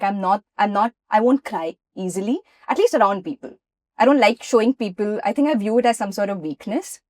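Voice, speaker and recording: A woman from India, an actress being interviewed, who tells lively anecdotes and acts out what people said. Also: medium pitch, dry recording, clean studio sound. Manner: lively anecdotes, often acting out quoted dialogue. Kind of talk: interview storytelling.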